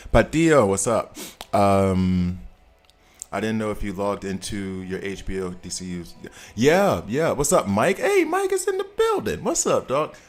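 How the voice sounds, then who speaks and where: An American man chatting casually on a live game stream, greeting viewers and laughing often. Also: low-pitched. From United States. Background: soft background music.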